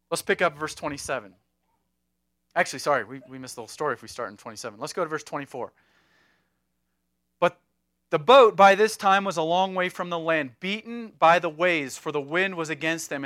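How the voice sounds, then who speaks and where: A man preaching a sermon in an animated, conversational way, with asides and humor. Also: high voice, no echo, studio quality. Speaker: pastor.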